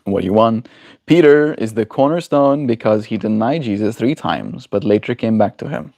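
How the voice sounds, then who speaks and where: A man's voice: lowish voice, expressive, normal speed, gravelly, dark tone. A man streaming live, musing in a casual way and answering his chat's questions. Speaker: daily livestreamer. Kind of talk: casual livestream chat with viewers.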